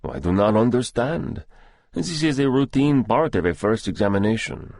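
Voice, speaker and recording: A man's voice: mid-range voice, very animated, moderate pace, gravelly, a little mellow, no room sound, studio quality, voice pushed up. A man voicing a formal, wary middle-aged male doctor with a thick Russian accent. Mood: alarmed. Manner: stiff, formal phrasing.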